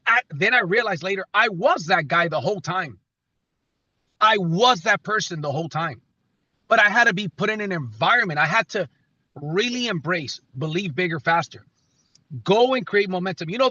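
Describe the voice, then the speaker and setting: A company leader gives a motivational pep talk on a live team call in a high, bright male voice. He is emphatic, repeats phrases for effect, and stumbles and restarts. The recording is muffled, with no echo.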